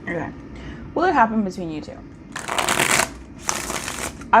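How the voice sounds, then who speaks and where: A woman giving a casual pick-a-card tarot reading, chatty and intimate, with sing-song crooning calls and slow, stretched-out emphasis. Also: on the low side, sing-song.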